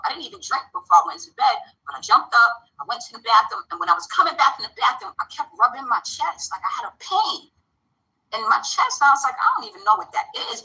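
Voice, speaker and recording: A woman's voice: sits high, poor audio. A woman vlogger telling a personal story in a casual way, acting out the voices of the people she quotes, with speech. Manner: animated, acts out quoted dialogue.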